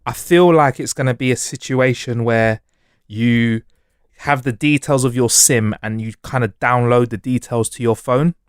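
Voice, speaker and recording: A young man co-hosting a podcast in relaxed, chatty banter that often trails into restarts. His pitch is ordinary. The sound is close and dry. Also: moderate pace, clean tone, dry recording. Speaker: podcast co-host. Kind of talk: casual chat.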